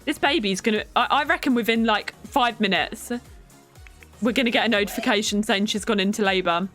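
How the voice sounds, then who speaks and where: Faint music sits behind a young woman live-streaming a game. Speaking fairly quickly in a medium-pitched, fairly bright voice, she chats casually, reacts to the gameplay and thanks viewers by name.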